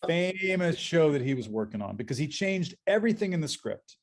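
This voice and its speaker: A man who works as a voice actor, guesting on a convention panel and telling animated anecdotes, repeating words as he restarts. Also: on the high side, a little fast, a crowd in the background.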